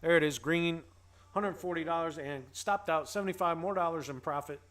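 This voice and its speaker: A man's voice: fairly high pitch, a little fast, a bit bright. A man hosting a casual trading livestream, upbeat and playful with slangy banter while he greets viewers. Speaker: host.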